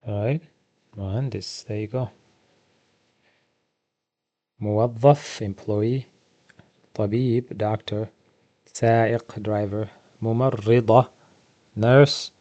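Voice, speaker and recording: A man runs a beginner vocabulary lesson from slides, with a voice of middling pitch. He asks how to say each word, answers himself, and repeats the answer slowly for the learners. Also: warm tone. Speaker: Arabic teacher.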